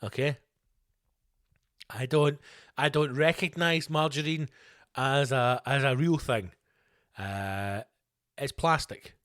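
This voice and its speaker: A man's voice: medium pitch, slow pace, long pauses, a bit bright, no echo, studio quality. A man with a Scottish accent, hosting a solo podcast, ranting with lots of swearing and comic put-on voices. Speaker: podcast host.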